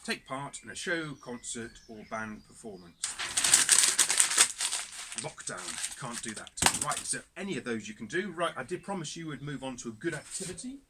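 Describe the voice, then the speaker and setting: A man's voice: medium pitch, very animated, moderate pace. A man leading cub scouts through activities in a casual instructional video, chatty and self-deprecating. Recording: background noise.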